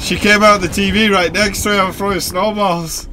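A man playing a game with friends, loud and excitable, yelling in bursts. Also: sits high, fairly quick, music in the background. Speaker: gamer. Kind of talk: excited gameplay chat.

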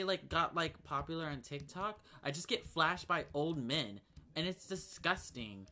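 Bright-voiced, dramatic young gaming vlogger. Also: medium pitch, lively intonation, normal speed. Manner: dramatic, slangy, gasping exclamations. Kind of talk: casual gaming commentary and chat.

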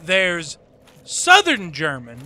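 A man's voice: on the high side, huge pitch swings, slow, sharp tone. A man with an Appalachian accent co-hosting a let's play, joking provocatively and stubbornly holding his ground. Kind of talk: casual gaming commentary chat.

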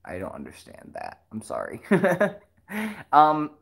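A livestream host and musician chatting casually with viewers, giggling often and rambling excitedly between songs. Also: medium pitch, takes it slowly, creaky.

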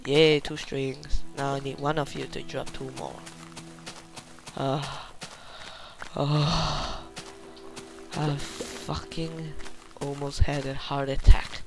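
Young guy freaking out and yelling over a game, gravelly voice, slow talker, faint music behind. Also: fairly high pitch. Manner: excitable, yelping and swearing. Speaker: gamer. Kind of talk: live game commentary.

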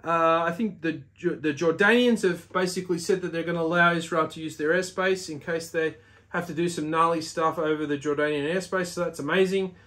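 A man with a voice a little higher than most men's, talking straight to his viewers. He teaches in a loose, earnest, exhorting way, pressing his points home and leaning on frequent "uh" fillers as he goes. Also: fairly even intonation, brisk, a bit bright. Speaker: religious video host. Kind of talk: casual religious teaching monologue.

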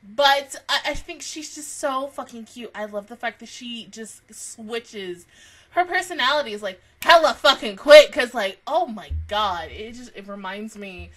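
A young woman giving casual, profane anime reaction commentary, animated and rambling, tired from little sleep. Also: on the high side.

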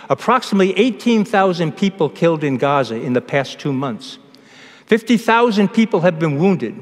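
Male priest, fairly high voice, measured homily delivery, long church echo. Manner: measured preaching with pauses and restarts.

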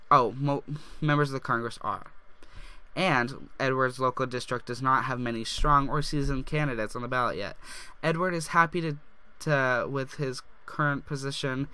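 A young man narrating a life-simulation game, reading its text aloud with slips and gushing with excitement. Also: medium pitch, smooth. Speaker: gaming YouTuber. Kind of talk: let's play commentary.

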